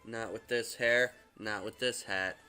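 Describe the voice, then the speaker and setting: A man's voice: fairly low pitch, fairly even intonation, measured pace, sharp tone, faint music behind. Rambling, swearing young male reviewer. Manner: rambling, profane, many fillers. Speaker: movie reviewer. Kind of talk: casual vlog commentary.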